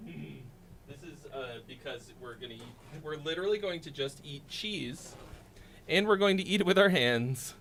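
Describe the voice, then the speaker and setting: A male stream host bantering casually with a guest. His voice is bright and a bit high, with a lively, bouncing pitch. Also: moderate pace, slight background noise. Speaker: livestream host. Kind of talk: casual livestream chat.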